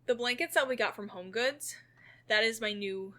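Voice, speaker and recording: A woman's voice: on the high side, normal speed, bright, forceful tone. A woman co-hosting a podcast, chatting casually and musing over personal habits. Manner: musing and confessional. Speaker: podcast co-host. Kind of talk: casual chat.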